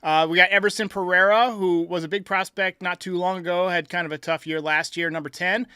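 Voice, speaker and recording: Upbeat guy hosting a sports podcast, smooth clear voice, dry sound. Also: sits high, fairly even intonation, a little fast, bright, forceful tone, no room sound. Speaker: podcast host. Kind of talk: casual sports podcast talk.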